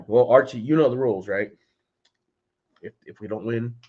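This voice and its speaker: Man, livestream host, casual chatter, mid-pitched voice, slightly muffled audio. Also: bright, forceful tone, breathy edge. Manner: loose and chatty, addresses chat by name, says "dude". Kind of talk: casual livestream chat with viewers. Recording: slightly dull lo-fi stream audio.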